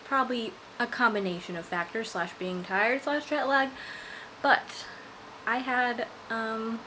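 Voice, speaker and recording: A woman's voice: on the high side, measured pace, noisy background. A tired woman chatting casually to her viewers at home, rambling and playful as she goes. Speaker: vlogger. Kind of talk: casual vlog chat.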